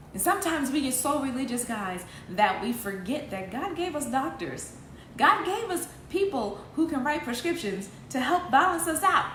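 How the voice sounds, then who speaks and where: A woman in her forties hosting an online faith talk, preaching passionately, swinging between loud emphasis and soft asides and laughing often. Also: on the high side, echoey room, a little hiss or hum. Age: 40s.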